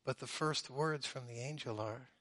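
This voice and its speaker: A man preaching a sermon, swinging between loud, drawn-out emphasis and hushed, low phrases. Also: no echo. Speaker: pastor.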